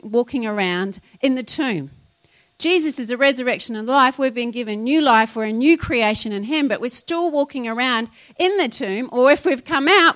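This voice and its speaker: A woman's voice: a little high, fairly bright tone. A woman pastor, preaching a sermon in a conversational way and retelling scripture with asides.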